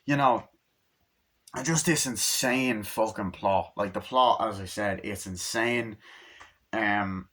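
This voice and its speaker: Young man, casual phone-recorded movie rant; eager, profane, acts out lines mid-sentence. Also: lowish voice. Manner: excited, swears a lot, acts out scenes with quick voices. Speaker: movie reviewer. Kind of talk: casual rambling movie review.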